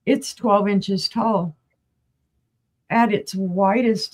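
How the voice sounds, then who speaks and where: A woman's voice: medium pitch, measured pace, a little mellow. A woman from New Mexico with a New Mexico accent, chatting casually as a guest seller on a live auction stream and describing glassware in close detail. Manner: chatty, folksy, describes items closely to viewers. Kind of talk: casual live-sale chat.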